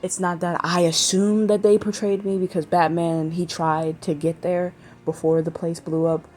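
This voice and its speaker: A woman's voice: lowish voice, level tone, normal speed, darkish tone, soft background music. A woman chatting casually in a vlog, rambling and swearing freely and trailing off mid-sentence. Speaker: vlogger.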